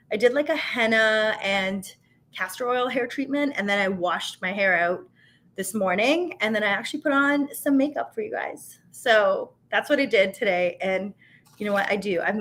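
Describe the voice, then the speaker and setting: A woman in her thirties hosting a live tasting stream, chatting casually with viewers in an animated, filler-heavy way. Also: mid-range voice. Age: 30s. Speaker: host of a tasting show.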